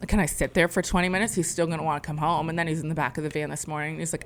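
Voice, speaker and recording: A woman in her thirties with a notably low voice talks candidly on a podcast. She tells her story in a rambling, emotional way, often pausing to restart her thoughts. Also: level tone. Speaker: podcast co-host. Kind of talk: candid conversation.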